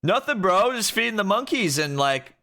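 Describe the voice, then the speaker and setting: A man putting on a breezy high-voiced bro. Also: sing-song, normal speed, pushed and bright, exaggerated voice. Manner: drawled casual slang, ends on "bro". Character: young man, breezy laid-back bro.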